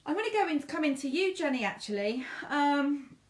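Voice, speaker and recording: A woman's voice: high voice, animated, normal speed, roomy sound. A woman doing a live medium reading, chatty and gushing, calling viewers darling and honey. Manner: warm, chatty, endearments to viewers; gushing, repetitive phrasing. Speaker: psychic medium.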